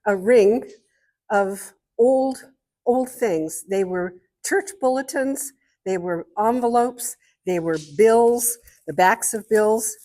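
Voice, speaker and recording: An older woman and guest artist speaking to an art club, telling lively stories and showing objects as she talks. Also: medium pitch. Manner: lively storyteller, showing objects while talking. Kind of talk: storytelling talk to an art club.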